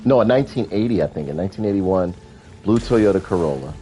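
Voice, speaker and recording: A man hosting a gaming video, telling stories in a casual, animated, profane way. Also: low voice, fast talker, slight background noise. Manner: animated, profane, chuckling storyteller. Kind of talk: casual storytelling during gameplay.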